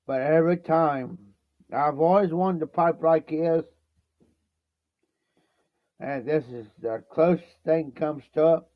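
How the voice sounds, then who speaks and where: This Ohio livestream host takes his time, pausing often as he tells a meandering story packed with "I said" and "he says." His voice sits on the high side, with no echo in the dull, lo-fi stream audio.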